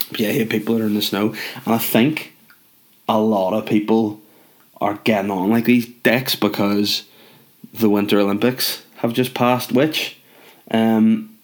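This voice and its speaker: A man delivering a rambling comic rant, sweary and sardonic with mumbled asides. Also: fairly low pitch. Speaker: comedic monologue host.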